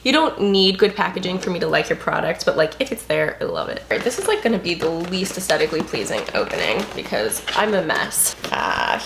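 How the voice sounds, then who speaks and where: A young adult woman vlogging an unboxing, gushing and excitable, full of "like" and "you guys". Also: mid-range voice, brisk, noisy background. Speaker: beauty and lifestyle vlogger. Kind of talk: casual unboxing vlog.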